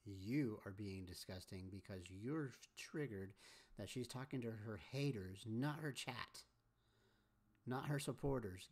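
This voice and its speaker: A man with a fairly low voice and measured pace hosts casual reaction commentary, scolding as he goes and chiming in again and again with agreement and catchphrases like "amen."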